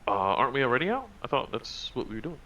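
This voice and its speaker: A man's voice: mid-range voice, big pitch swings, fast talker, pushed and bright, highs cut off. A man playing a tabletop role-play game over a call, talking hesitantly, with many restarts. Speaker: player.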